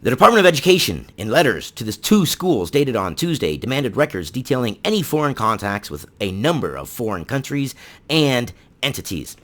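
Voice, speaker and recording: Indignant man with a lively pitch. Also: fairly quick. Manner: indignant, sarcastic, rhetorical questions. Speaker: political commentary channel host. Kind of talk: opinion commentary on news.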